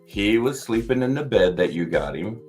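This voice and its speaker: Playful man with a lively, swooping voice. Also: lowish voice, moderate pace, slightly rough, soft background music. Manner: playful, teasing, laughs along. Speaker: live psychic card reader and co-host. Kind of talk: casual live-stream chat.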